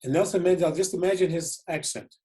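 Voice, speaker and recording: A man in his seventies from Detroit, a retired police chief giving a lecture, telling a personal story deliberately and reflectively, often repeating words for emphasis. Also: high voice, dark tone, rough recording. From Detroit, USA.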